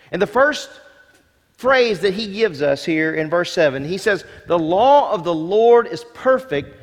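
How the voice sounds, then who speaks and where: A man's voice: high-pitched, fairly bright tone. A male senior pastor preaching a sermon in a church, emphatic, repeating key words and asking rhetorical questions. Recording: long hall reverb.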